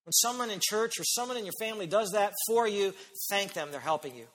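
High bright-voiced preaching man. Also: animated. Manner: emphatic preaching, stretching key phrases slowly. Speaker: pastor. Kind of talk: sermon. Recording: long hall reverb.

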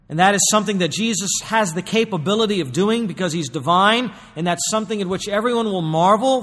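Male pastor, emphatic sermon delivery with loud peaks, slightly high pitch, long hall reverb. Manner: emphatic preaching, rising to loud bursts.

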